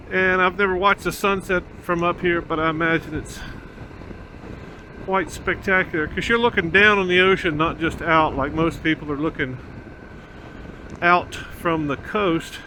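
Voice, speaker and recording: A man's voice: high-pitched, pushed and bright, a little hiss or hum. A man riding a motorcycle outdoors on a country road, talking through a helmet mic in rambling, casual commentary with many fillers. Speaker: motorcycle vlogger. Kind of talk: casual ride-along commentary.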